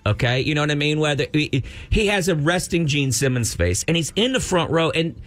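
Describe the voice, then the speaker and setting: A man's voice: fairly high pitch, animated, a little fast, fairly bright tone. A man co-hosting a radio show, chatting casually and riffing on the guest's stories. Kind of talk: casual chat.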